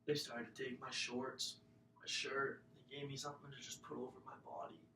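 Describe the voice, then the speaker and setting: A young man giving an earnest, emotional personal testimony as a student speaker, often dropping to a hushed, breathy voice. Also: flat delivery, normal speed. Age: young adult. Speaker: student speaker telling his own story. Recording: echoey room, mic far off, faint rumble.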